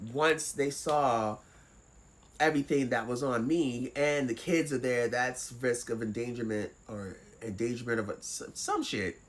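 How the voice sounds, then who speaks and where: A woman vlogger tells a personal story in an animated, swear-heavy way. Her pitch swings widely as she talks. The tone is casual and conversational. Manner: animated, profane, acts out voices.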